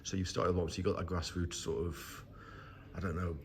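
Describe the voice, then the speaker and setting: A man's voice: sits low, level tone, fairly quick, a little hiss or hum. A man interviewing a guest, asking chatty, friendly questions.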